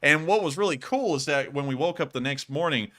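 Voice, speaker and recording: Bright-voiced joking male stream host. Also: fairly high pitch, animated, a little fast. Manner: jokey, loose and chatty. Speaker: host of a live war-news stream. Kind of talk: casual live-stream commentary.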